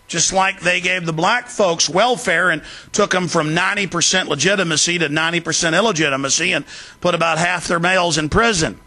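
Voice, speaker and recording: A man hosting a talk show, delivering rapid, forceful political commentary with heavy emphasis. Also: fairly high pitch.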